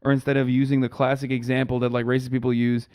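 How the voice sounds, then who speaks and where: A man's voice: mid-range voice, monotone, fast talker, a little mellow, clear, resonant tone, no echo. Wisecracking streamer man, dry close sound. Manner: casual, profane, wisecracking. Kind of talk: live reaction commentary.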